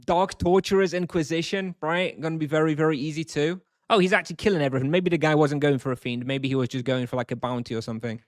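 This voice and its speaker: A man's voice: on the high side, steady tone, quick pace, few pauses, no echo, clean studio sound. A man live-streaming a video game, thinking aloud, chatting casually and answering questions from chat.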